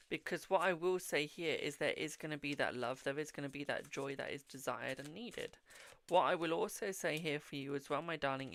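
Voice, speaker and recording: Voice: medium pitch, vocal fry, fairly bright tone. A tired, yawning tarot reader with a British accent, hosting a live-stream reading in a blunt but reassuring way, often saying "okay, my darling".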